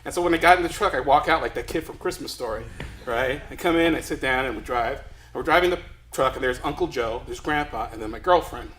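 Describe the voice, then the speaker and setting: A man's voice: medium pitch, fast talker, a bit bright, roomy sound, rough recording. A man from Los Angeles telling a comic story to a live crowd, chatty and self-deprecating, rambling along. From Los Angeles, USA.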